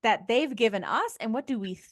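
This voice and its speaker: A woman co-hosting a podcast in casual chat, enthusiastic and warm toward her co-host, closing out the episode. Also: on the high side, expressive, brisk, no room sound, studio quality. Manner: enthusiastic, wraps up the show with plugs.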